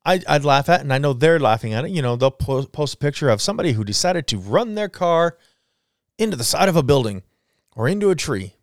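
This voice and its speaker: A man's voice: fairly high pitch, expressive, brisk, no room sound, studio quality. A man in his forties hosting a solo podcast, ranting bluntly and swearing freely. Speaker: podcast host. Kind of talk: casual solo podcast rant.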